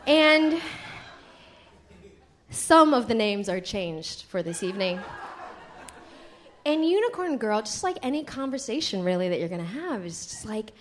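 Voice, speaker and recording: Lively, giggly woman telling a stage story. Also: sits high, slow, pauses often, a little hiss or hum. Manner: animated, giggly, acts out friends' voices. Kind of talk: comedic live storytelling. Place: live stage with an audience.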